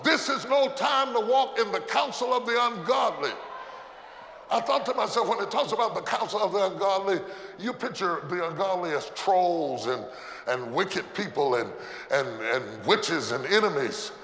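A high-voiced man preaches in a big, echoing church hall with a long reverb, and noise sits clearly under his voice. He calls out refrains and asks the congregation to repeat them back to him. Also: lively intonation, normal speed. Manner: preaching with shouted refrains and call-and-response. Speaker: pastor. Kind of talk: sermon. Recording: echoey hall with background noise.

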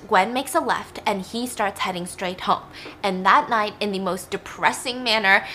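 A young woman with a bright, fairly high voice chats through a film retelling. She talks casually, full of asides. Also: slight background noise. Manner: chatty, uses like and you know. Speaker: storyteller.

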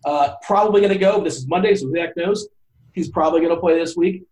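Fast-talking man on a podcast. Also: a little high, a little mellow, low-quality recording. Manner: rambling, restarts often, laughs a lot. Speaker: podcast co-host. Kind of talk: casual podcast chat.

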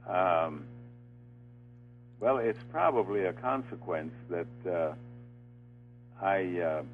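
Older man, former game show host, low voice, halting storyteller, heard over a tinny phone line with faint music. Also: expressive. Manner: halting anecdote full of uh fillers, laughing as he tells it. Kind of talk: storytelling in an interview.

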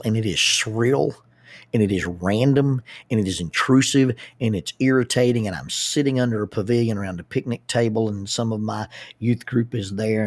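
A man with a low, husky voice tells a personal story to a group. He talks in an animated way and often doubles back on his words. The recording is dry and close, with no room sound. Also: dry recording. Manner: animated, with repeated starts and lively asides. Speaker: public speaker and youth group leader.

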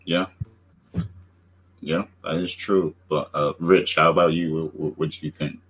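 A man hosting a casual discussion, halting and repeating words as he asks the panelists questions. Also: rumbling low, steady tone, fairly bright tone, slightly rough. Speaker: podcast host.

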